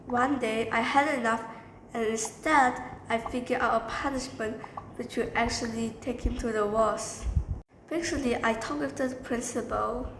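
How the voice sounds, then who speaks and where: A woman telling a story from her time as a teacher, rambling casually and leaning on filler words. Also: a little high. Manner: rambling, repeats filler phrases. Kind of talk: storytime narration. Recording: echoey room with faint background noise.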